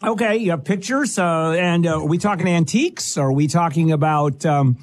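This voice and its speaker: A man's voice: a little high, moderate pace, no echo. A man hosting a call-in legal advice show, talking bluntly and impatiently and cutting the caller off to press for the point. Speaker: legal advice radio host.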